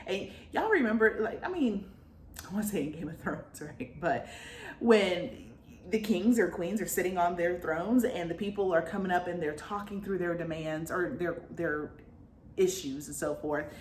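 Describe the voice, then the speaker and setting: A woman's voice: fairly low pitch, moderate pace, reverberant, a little hiss or hum. A woman vlogger recapping a book in a chatty, slangy way, full of fillers.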